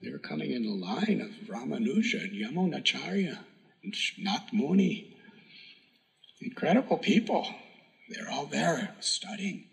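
A man giving a sermon, telling a devotional story in an earnest, emphatic way that sometimes drops to a hush. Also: fairly high pitch, animated, a little slow, vocal fry, low-quality recording. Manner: earnest, emphatic storytelling with hushed whispered moments. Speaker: spiritual teacher.

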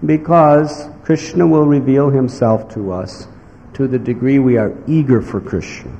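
A man giving a devotional sermon in slow, emphatic phrases, now and then acting out what others might say. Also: mid-range voice, warm tone, dull audio. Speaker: spiritual teacher. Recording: echoey hall with faint background noise.

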